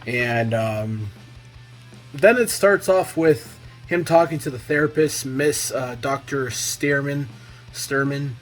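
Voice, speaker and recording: A man giving a casual, enthusiastic review in a vlog, talking loosely and filling pauses with "um" and "you know.". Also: medium pitch, faint music behind. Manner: enthusiastic, loose, heavy on fillers. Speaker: comic book reviewer.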